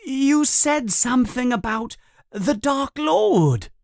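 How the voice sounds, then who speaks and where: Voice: high voice, expressive, slow pace, creaky, darkish tone, no room sound, studio quality, pitched above the performer's own voice, heavily acted. A storyteller voicing a nervous schoolboy wizard who speaks hesitantly. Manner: hesitant and anxious.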